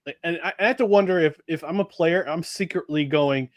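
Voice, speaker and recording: A man co-hosting a sports podcast, talking in an animated, exasperated way with many restarts. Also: on the high side, brisk, no room sound, dull audio. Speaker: podcast co-host. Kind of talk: casual sports talk.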